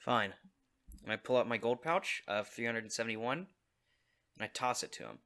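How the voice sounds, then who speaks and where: A man playing a tabletop game, speaking casually and relaxed, with fillers. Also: medium pitch, normal speed. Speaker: player.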